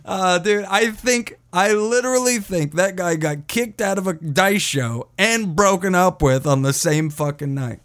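A man with a slightly high-pitched voice tells a rambling story on his podcast. He swears freely and laughs at his own words as he goes. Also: lively intonation, measured pace, hardly any pauses, fairly bright tone, dry recording. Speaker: podcast host. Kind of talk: casual storytelling.

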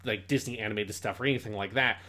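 A man's voice: fairly low pitch, quick pace, sharp tone. A man co-hosting a casual podcast about anime, talking enthusiastically with frequent swearing and restarts. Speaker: podcast co-host.

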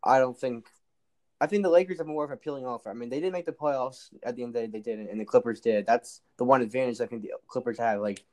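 Dude on a sports talk, medium voice, opinionated, keeps restarting. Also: male voice, mid-range voice, quick pace, a little mellow. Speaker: guest. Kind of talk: casual sports chat.

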